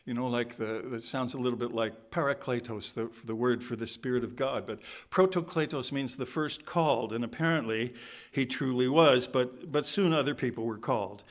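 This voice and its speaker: A man's voice: mid-range voice, normal speed. Man preaching a casual sermon. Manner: informal, joking asides while reading scripture. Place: church sanctuary.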